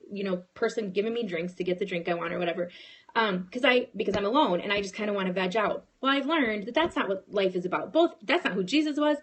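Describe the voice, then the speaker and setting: A woman in her thirties giving a casual motivational talk to her sales team, telling a personal story with lots of restarts. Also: medium pitch. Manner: animated, storytelling, frequent restarts. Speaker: network marketing team leader.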